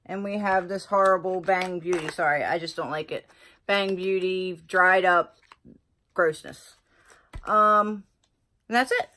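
A woman's voice: fairly low pitch, a little slow. A woman beauty vlogger chatting casually through an unboxing, gushing and exclaiming over the products. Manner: gushing, excitable, lots of exclamations.

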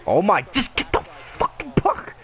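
Excitable, swearing young man gaming. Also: high voice, measured pace. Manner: profane, excitable, yelling at the game. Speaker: gamer commentating his own play. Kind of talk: live gameplay commentary.

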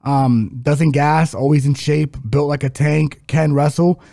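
Mellow, laid-back podcast co-host man. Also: a little high, steady tone, measured pace, creaky, dry recording, clean studio sound. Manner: laid-back, blunt, hesitant with fillers. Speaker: podcast co-host, fight betting analyst. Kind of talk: casual sports betting chat.

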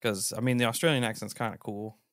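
A man hosting a podcast in casual chat, teasing and incredulous, with lots of animated reactions. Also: fairly low pitch, fast talker, no room sound, studio quality. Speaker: podcast host.

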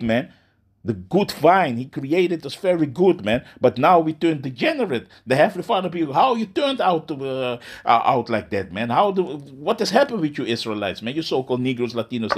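A man giving an informal sermon, ending nearly every phrase with "man", restarting often and reading Bible verses slowly. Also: a little high, husky.

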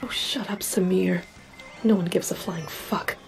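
A man's voice: high voice, fairly even intonation, unhurried, creaky, soft background music. A man voicing a dismissive chat viewer, curt and scolding in a half whisper. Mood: scornful.

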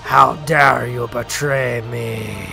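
Undead pirate master voiced by a man: slow, gravelly, loud, menacing game villain. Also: medium pitch, steady tone, over music, pitched below the performer's own voice, full character voice. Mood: wrathful. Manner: slow, growled villain delivery. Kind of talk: let's play dialogue reading.

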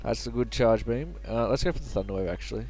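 A man's voice: medium pitch, expressive, fast talker, a little mellow, no room sound, soft background music. Chatty man commenting on a game. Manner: chatty, joking, mutters to himself. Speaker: let's play host. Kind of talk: casual gaming commentary.

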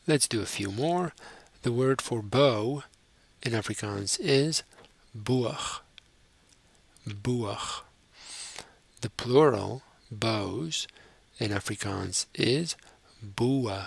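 A man teaching a recorded language lesson, speaking slowly and deliberately and repeating each word. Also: medium pitch, lively intonation, creaky, husky, no room sound.

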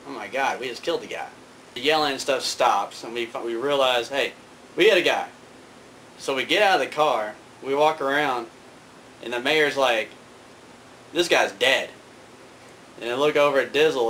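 A man's voice: mid-range voice, a bit bright, a little hiss or hum, poor audio. A man telling a casual, rambling anecdote, full of fillers and restarts. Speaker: storyteller.

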